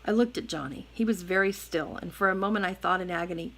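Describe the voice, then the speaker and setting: A woman reading a novel aloud with a low-pitched voice and a steady, even delivery. She tells the story in first person, measured and plain. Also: low-quality recording. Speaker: reader.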